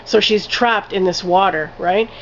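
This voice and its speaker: A woman's voice: medium pitch, a little slow, slight background noise. Woman film reviewer, casual vlog delivery, rambling and profane, muffled lo-fi recording. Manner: rambling, many "like" fillers, casual swearing.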